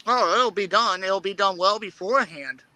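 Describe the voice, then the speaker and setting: A man's voice: high-pitched, normal speed, bright, forceful tone, no echo, rough recording. A man, a truck driver, talking casually from his truck cab with short matter-of-fact replies. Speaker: truck driver panel guest. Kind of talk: casual chat.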